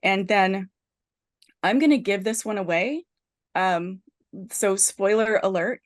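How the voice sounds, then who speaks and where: A woman hosting a podcast, her voice sitting at an ordinary middle pitch. She retells a film's story in a lively, rambling way, full of "like" and self-corrections, as if chatting with friends. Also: takes it slowly. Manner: animated storyteller, heavy use of "like" and restarts. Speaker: podcast host. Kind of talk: casual podcast chat retelling a film plot.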